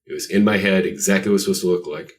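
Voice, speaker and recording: A man's voice: sits low, rapid-fire, slight background noise. A man guest on a podcast interview, telling rambling, self-deprecating stories. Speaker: guest artist. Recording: voice distant from the mic.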